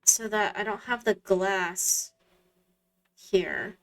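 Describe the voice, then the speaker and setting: A woman streamer offers casual gameplay commentary, musing aloud to herself in a hesitant, self-talking way. Her medium-pitched voice is gravelly and a bit bright, and she speaks very slowly.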